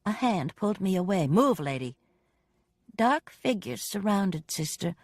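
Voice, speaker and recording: A woman narrating a first-person audiobook with expressive, dramatic storytelling. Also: medium pitch, moderate pace, vocal fry, no room sound, clean studio sound.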